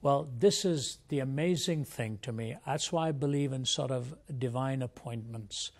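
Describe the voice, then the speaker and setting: A man's voice: medium pitch, normal speed. An older man from India, a Christian apologist, telling his life story as an interview guest in an earnest, reflective way.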